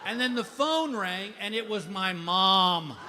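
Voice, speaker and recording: A man's voice: high voice, animated, takes it slowly, background noise. A man, telling a frantic, self-mocking stand-up story on stage. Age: 50s. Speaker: stand-up comedian. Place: theater stage. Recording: live stage mic in a reverberant hall.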